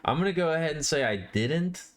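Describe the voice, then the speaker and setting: Fairly quick and on the high side, this man's voice has lively intonation as he livestreams and draws. He rambles casually to his chat, frequently restarting and correcting himself.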